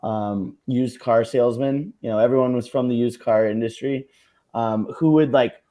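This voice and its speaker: A man's voice: mid-range voice, fairly even intonation, moderate pace, mellow. Easygoing man rambling through a story. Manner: loose and hesitant, many fillers, teasing. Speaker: podcast co-host. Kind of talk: casual storytelling chat.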